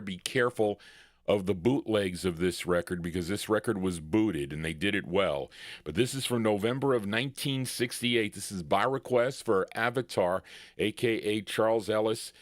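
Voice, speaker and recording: A man with a fairly low voice hosts a vintage record show, chatting in a loose, folksy way that drifts into side stories. He speaks close to the microphone in a dry, dead-sounding room. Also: dry recording. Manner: rambling, digressive, folksy. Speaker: radio show host. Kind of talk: casual DJ chat between records.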